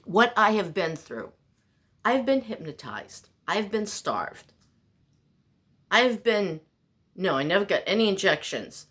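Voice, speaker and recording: A woman's voice: medium pitch, sing-song, slow pace, pauses often, a bit bright. A woman vlogger delivering a rambling, exasperated, self-mocking monologue.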